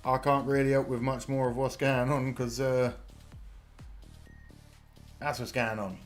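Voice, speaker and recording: British guy doing live race reaction, chatty and laughing, mid-pitched, soft music behind. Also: flat delivery, unhurried. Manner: chatty, laughs often, casual swearing. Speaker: live-stream host. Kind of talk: live watch-party reaction commentary.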